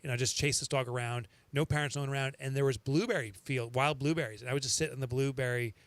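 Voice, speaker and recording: A man from the Northeast United States hosting a podcast, telling stories in an animated, laughing way. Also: mid-range voice, fast talker, no room sound. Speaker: podcast host. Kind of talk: casual storytelling chat.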